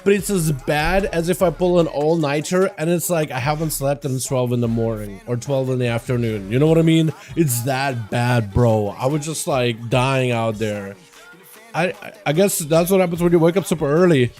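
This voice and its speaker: A man's voice: mid-range voice, normal speed, darkish tone, faint music behind. A young man hosting a casual gaming livestream, rambling in slangy talk and greeting chat by name while sounding tired. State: tired, no coffee. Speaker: livestream host. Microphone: desk mic in front of green screen.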